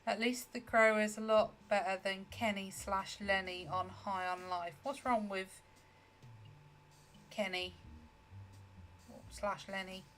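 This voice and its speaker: A woman's voice: medium pitch, fairly even intonation, slow, pauses often, a bit bright, a little hiss or hum. A woman casually commenting while playing a game, joking asides. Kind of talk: casual let's play commentary.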